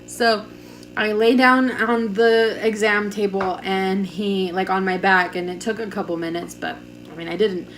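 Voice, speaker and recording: Recorded at home on a camera mic, a young vlogger recounts something that happened to her in an easygoing, talkative way, full of "like" fillers and performed dialogue. Her voice is mid-pitched, a bit bright and unhurried, with fairly even intonation.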